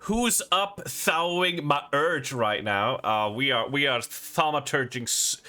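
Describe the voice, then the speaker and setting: A man's voice: medium pitch, slow pace, sharp tone, faint music behind. A man streaming a game live, chatting with his viewers and reading the game's letters and notes aloud.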